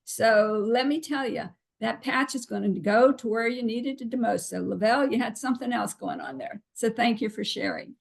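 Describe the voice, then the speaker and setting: A woman's voice: fairly high pitch, normal speed, creaky, hardly any pauses. A woman hosting a webinar on a video call, conversational and encouraging as she calls on participants. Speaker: webinar host.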